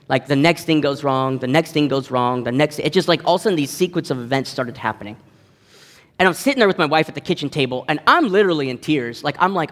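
A man in his thirties preaching a sermon, telling a story against himself with lots of energy. He acts out the voices of the people in his stories. His voice is fairly high, and it rings out with a long reverb in a church hall. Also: animated, a little fast, fairly bright tone. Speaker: pastor.

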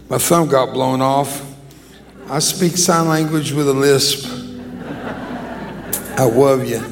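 Joking, emotional preacher with a gravelly voice. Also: male voice, mid-range voice. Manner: joking, emotional, self-deprecating. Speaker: guest preacher. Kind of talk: sermon. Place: church sanctuary.

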